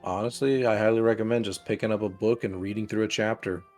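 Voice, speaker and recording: A man chatting casually on a game stream, animated and quick to laugh, talking about his own storytelling. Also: lowish voice, soft background music.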